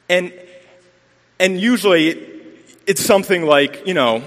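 A lay preacher gives a sermon full of rambling stories and self-deprecating humor, recorded in a church sanctuary with the long reverb of a church hall. His high-sitting, fairly bright voice moves at a measured pace with long pauses.

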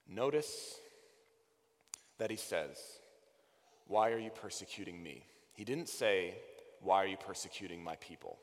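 A man preaching a sermon, rising to loud emphasis and dropping to hushed quoted lines. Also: sits low, expressive, a little slow, pauses often. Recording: long reverb of a large hall.

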